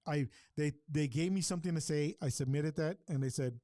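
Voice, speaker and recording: A man's voice: a little high, a little fast, mellow, dry recording, clean studio sound. A man with a Hispanic accent co-hosting a casual livestream chat, rambling and repeating himself in a chummy way. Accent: Hispanic English. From Hispanic heritage, Texas. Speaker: show co-host.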